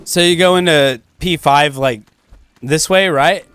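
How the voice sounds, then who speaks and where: A man's voice: fairly high pitch, unhurried, fairly bright tone, clean tone, no echo, faint music behind. A young man streaming a game, rambling casually through commentary and swearing freely.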